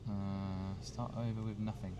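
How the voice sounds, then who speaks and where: A man's voice: on the low side, level tone, a little slow. A man hosting a live stream outdoors on a city street, talking casually and joking as he answers questions. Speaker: host. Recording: street traffic noise.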